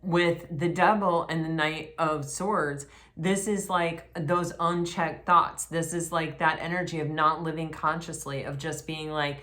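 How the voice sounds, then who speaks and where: Low-voiced woman giving a casual tarot reading. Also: unhurried, few pauses. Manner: chatty, rambling, restarts and exclaims excitedly. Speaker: tarot reader.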